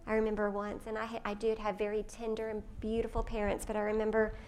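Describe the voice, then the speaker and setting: A woman speaks to a room of mothers. She tells a family story and grows animated when she quotes her younger self, over faint background noise. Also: medium pitch, fast talker. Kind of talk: personal talk to mothers.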